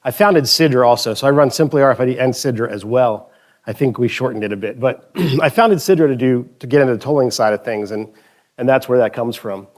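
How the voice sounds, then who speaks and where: A man's voice: medium pitch, a little fast, darkish tone. A man presenting a conference talk on stage, telling anecdotes in a casual, joking way with frequent restarts. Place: stage in front of an audience.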